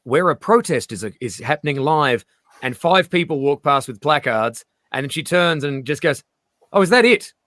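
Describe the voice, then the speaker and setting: An Australian man hosting a casual comedic stream chat, animated and swearing, often slipping into quoted voices. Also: medium pitch, moderate pace, dry recording, clean studio sound. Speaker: comedian host.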